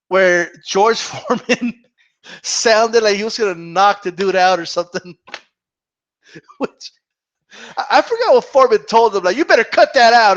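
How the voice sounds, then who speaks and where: A man with a high voice hosts a casual live Q&A stream. He rambles loosely and swears freely, and the sound is dull and lo-fi. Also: fairly bright tone. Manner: rambling and profane.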